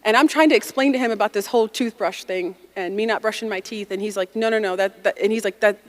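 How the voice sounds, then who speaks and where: Lively American woman telling a story. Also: medium pitch, quick pace. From United States. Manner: lively, conversational, acts out quotes, laughs while telling. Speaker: speaker telling a personal story to an audience. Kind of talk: personal storytelling talk.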